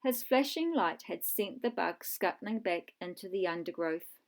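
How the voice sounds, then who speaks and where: A woman narrating a children's storybook in a clear, measured way with dramatic pauses. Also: medium pitch, animated.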